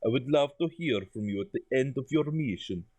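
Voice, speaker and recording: A man's voice: medium pitch, animated, brisk, darkish tone, dry recording, lightly acted. A man doing Karat, a doting accented letter writer. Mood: fond, fussing. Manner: hammy put-on accent, fond and fussing tone. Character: doting woman letter writer with a heavy exaggerated Eastern European accent. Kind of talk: reading game letter aloud in a put-on voice.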